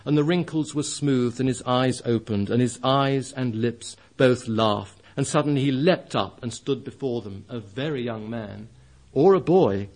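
Male preacher, storybook reading, mid-pitched, expressive. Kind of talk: reading a story aloud in a sermon.

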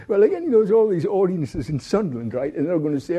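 A man's voice: high-pitched, very animated, fairly quick, hardly any pauses, warm tone, breathy edge. A man giving a rambling university lecture, full of restarts, stumbles and asides.

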